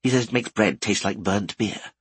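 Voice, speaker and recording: A man reading an audiobook and voicing a tiny, brisk, motherly woman who runs an inn kitchen, speaking slowly and softly with a breathy edge. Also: lowish voice, no room sound. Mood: brisk kindly.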